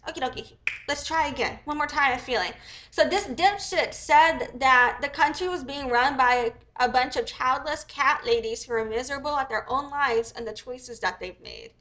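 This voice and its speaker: A young American woman with a high voice talks through a casual livestream. Her tone is bright and sharp, and she curses freely as she wanders through her thoughts, a little under the weather. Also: moderate pace. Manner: profane, rambling, thinks aloud. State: a bit sick. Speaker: livestream host.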